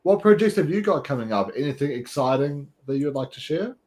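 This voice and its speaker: A man's voice: a little high, lively intonation, fast talker, a little mellow. A man hosting a podcast, chatting casually and laughing often. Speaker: podcast host. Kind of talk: casual chat.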